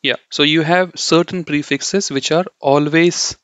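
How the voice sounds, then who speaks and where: A man's voice: a little high, steady tone, a little slow, a bit bright, clean tone, no echo. A man teaching German from slides in a casual, rambling way, repeating himself and checking in with "okay?" and "you know". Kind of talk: casual slide-based lesson. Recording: dry, dull lo-fi sound.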